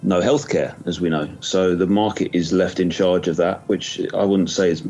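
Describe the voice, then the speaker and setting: A man's voice: low voice, steady tone, normal speed, darkish tone, dull audio, slight background noise. A man joining a podcast as a guest, chatting casually and making wry, dry remarks. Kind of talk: casual chat.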